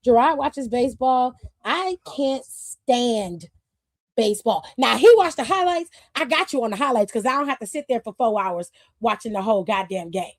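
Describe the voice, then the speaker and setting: A high-pitched woman hosts a casual livestream, talking to her viewers in a blunt, sassy way. She swears freely and laughs often. Her voice is close and dry, with no room sound around it. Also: expressive, normal speed, no room sound. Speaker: streamer host.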